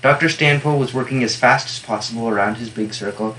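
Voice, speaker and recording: A man's voice: medium pitch, brisk, slight background noise, low-quality recording. Man reading a novel aloud, wry asides. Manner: steady first-person narration broken by wry, offhand asides. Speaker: reader and annotator.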